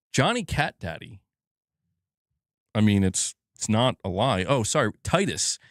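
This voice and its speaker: Animated joking male streamer. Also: mid-range voice, dry recording, clean studio sound. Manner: jokey, swears freely, laughs at his own jokes. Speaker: gaming news streamer. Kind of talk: casual live-stream chat.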